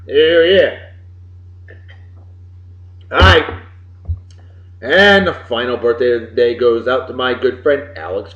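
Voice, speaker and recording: Podcast host, New man in his late 30s, exuberant and lively, in a roomy room on a muffled recording. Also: on the high side. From Massachusetts. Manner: exuberant, swings between loud bursts and mumbled asides. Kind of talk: casual birthday shout-outs.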